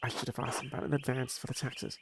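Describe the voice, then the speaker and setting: A man's voice: mid-range voice, flat delivery, fast, creaky, heavy background noise. A man streaming a story game, reading along and making joking, rambling asides full of fillers. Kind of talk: casual game commentary.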